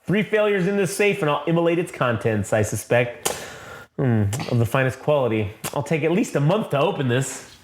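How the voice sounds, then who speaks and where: A fussy elderly alien inspector, as a man reads him aloud, prim and lecturing in every phrase. His pitch swings up and down freely, and the room around him rings. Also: expressive, normal speed, a little hiss or hum, natural voice. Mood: precise. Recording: echoey room.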